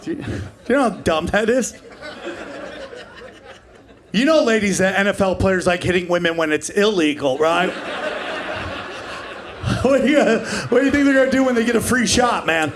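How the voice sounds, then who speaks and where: A brash man in his forties works a stand-up comedy set with a high, raised voice, swearing freely and shouting out his punchlines. He is heard on a stage mic, with a faint room hum behind him. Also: expressive, moderate pace, pauses often. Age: 40s. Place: comedy club stage in front of a live audience.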